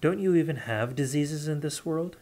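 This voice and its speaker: A man's voice: a little high, moderate pace, a little mellow, voice pushed up, lightly acted. Sour, frustrated leper man, read by a man. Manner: sour and demanding. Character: bitter, frustrated adult male leper. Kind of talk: audiobook reading.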